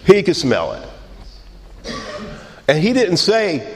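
Slow-talking wry middle-aged man in a hall. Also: fairly high pitch, sing-song, a little hiss or hum. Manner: unhurried, wry, self-mocking with quiet laughs. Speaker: speaker sharing his recovery story. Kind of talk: personal recovery testimony.

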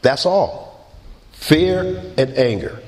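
Slow-talking wry middle-aged man in a hall. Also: medium pitch, expressive. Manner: unhurried, wry, self-mocking with quiet laughs. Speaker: speaker sharing his recovery story. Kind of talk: personal recovery testimony.

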